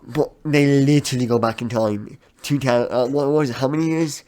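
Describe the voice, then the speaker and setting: A man's voice: mid-range voice, a little mellow. A man co-hosting a podcast, chatting casually about films. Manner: chatty, brisk, mock-imitates people. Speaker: podcast co-host. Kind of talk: casual film review chat.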